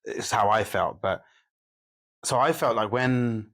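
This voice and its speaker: A man's voice: mid-range voice, slow, creaky, fairly bright tone. A man co-hosting a podcast, listening supportively and reflecting on growing up with one parent. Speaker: podcast co-host. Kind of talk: candid podcast conversation.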